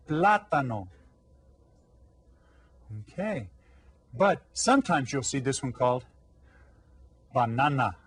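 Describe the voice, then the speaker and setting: A man teaching a children's language lesson, slowly modeling words for young learners to repeat. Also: mid-range voice, husky. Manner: friendly, slow modeling of words for repetition. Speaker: Spanish teacher.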